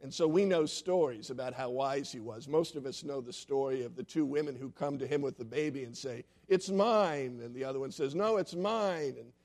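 A man's voice: medium pitch, brisk, few pauses. A man preaching a sermon as a pastor, telling stories and acting out quoted voices. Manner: storytelling with lively quoted voices.

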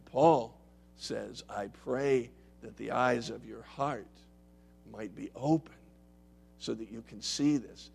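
Gravelly-voiced pastor preaching a sermon. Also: male voice, mid-range voice, takes it slowly, faint music behind. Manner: dramatic, swings from loud to hushed. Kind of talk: sermon with storytelling.

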